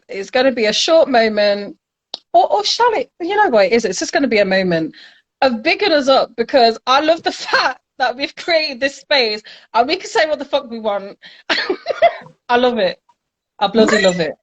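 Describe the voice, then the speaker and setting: A woman with a Nottingham English accent co-hosts a chatty podcast in a fairly high voice. She talks loosely and playfully, laughing a lot and dropping the odd swear word. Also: animated, moderate pace, dull audio. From England. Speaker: podcast co-host. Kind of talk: casual chat.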